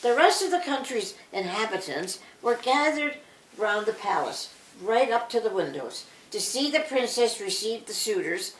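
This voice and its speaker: An older woman reading a bedtime story aloud, with an expressive storytelling manner. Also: medium pitch, moderate pace. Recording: roomy echo.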